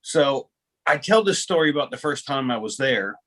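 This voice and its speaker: A man's voice: medium pitch, lively intonation, moderate pace, fairly bright tone. A man hosting a casual video call chat, telling stories with many restarts and poking fun at himself. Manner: rambling storyteller with many restarts; self-mocking. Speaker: host.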